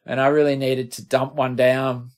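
A man's voice: mid-range voice, level tone, moderate pace. A middle-aged man with an Australian accent, a guest musician telling rambling, self-deprecating stories in a casual interview.

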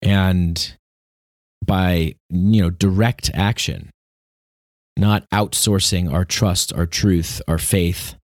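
A man's voice: sits low, fairly even intonation, slow, darkish tone, no room sound, studio quality. A man hosting a podcast, talking in a rambling, reflective monologue full of restarts and laughs. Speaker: podcast host. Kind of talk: casual monologue.

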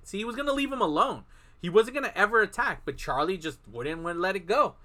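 A man with a bright, slightly high voice co-hosts a casual film podcast. He retells the plot in a loose, chatty way and briefly acts out each character's lines as he narrates. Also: sing-song, a little fast. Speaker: podcast co-host. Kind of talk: casual film recap chat.

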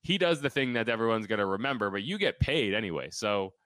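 A man co-hosting a casual sports podcast, talking fast and joking with a sarcastic streak. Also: fairly low pitch, very animated, fairly bright tone, dry recording. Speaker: podcast co-host.

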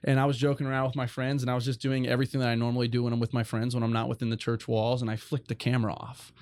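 A man's voice: mid-range voice, level tone, very fast, darkish tone. A young adult man telling a personal faith story as a guest, earnest and rambling with many restarts.

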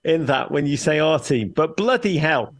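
Gravelly exuberant Liverpool man. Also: fairly high pitch, animated, normal speed. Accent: Liverpool English. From Liverpool, England. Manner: exuberant, wordy, jokey storytelling. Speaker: guest, soccer podcast co-host. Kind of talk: animated radio interview chat.

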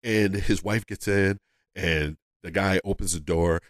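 A man with a low voice tells a story in a loose, casual way. He jumps into the voices of the people he quotes. The sound is dry and close, with no room echo. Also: unhurried. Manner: animated, acts out quotes with big pitch jumps. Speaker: comedian guest.

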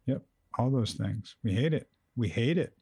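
A man's voice: medium pitch, lively intonation, normal speed, mellow, husky, no echo, clean studio sound. A man guiding a grieving guest in a direct, probing and emphatic way. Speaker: host, counselor. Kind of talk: therapeutic conversation.

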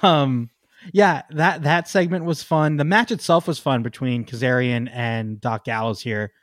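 A man co-hosting a podcast in casual chat, excitable, laughing often and trailing off with ums. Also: medium pitch, a little slow, no room sound, studio quality. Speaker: podcast co-host.

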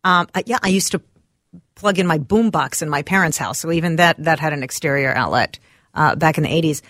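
A woman co-hosting a radio show, answering listener letters in casual banter, animated and quick to exclaim. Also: sits low, no room sound, studio quality. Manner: animated, laughs often, exclaims in disbelief. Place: radio studio.

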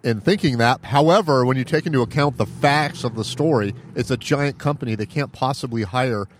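A man's voice: mid-range voice, fairly quick, a little hiss or hum. A man co-hosting a casual podcast, arguing in a wry, mock-formal way. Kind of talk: casual chat.

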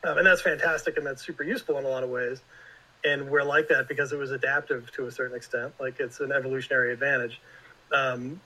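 Bright-voiced man, rambling guest. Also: mid-range voice, fairly even intonation, quick pace, poor audio. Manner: rambling, heavy on filler words. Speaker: guest writer. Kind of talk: casual interview talk.

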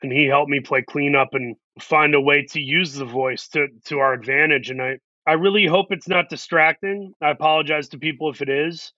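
A man's voice: on the high side, fairly quick, few pauses, bright, forceful tone, no room sound, highs cut off. A man talking in a casual interview, earnest and reflective, working through his ideas in long, run-on thoughts. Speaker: actor, guest.

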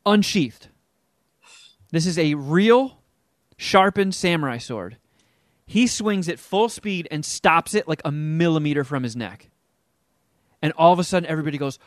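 A man's voice: moderate pace, long pauses, no echo. Man telling a wild story in a dry room. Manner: animated, acts out quotes with big pitch jumps. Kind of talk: casual storytelling in a podcast chat.

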